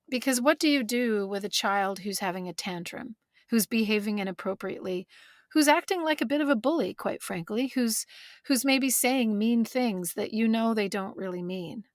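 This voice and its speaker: A woman's voice: medium pitch, normal speed, no echo. A woman author speaking as a guest, thoughtful and candid, searching for words and close to tears. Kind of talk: reflective conversation. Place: bedroom closet.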